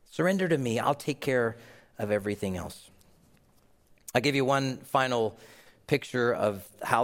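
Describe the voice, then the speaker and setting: A man's voice: mid-range voice, big-room sound. A man, a pastor, preaching an earnest, emphatic sermon in a church and closing with a prayer.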